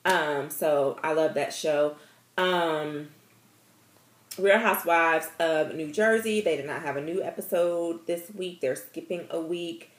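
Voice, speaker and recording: A woman's voice: low-pitched, unhurried, roomy sound. A woman vlogger chatting casually about reality TV in a sassy, playful way. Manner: animated, sassy, playful asides.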